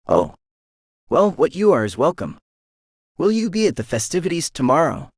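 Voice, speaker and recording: A man's voice: on the high side, sing-song, moderate pace, no echo, clean studio sound, voice pushed up. A man voicing a friendly, nosy woman doctor in her fifties with a slight Jamaican accent, in an audiobook. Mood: chatty. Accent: slight Jamaican accent as the figure. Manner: chatty, welcoming, a little pushy. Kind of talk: audiobook character voice.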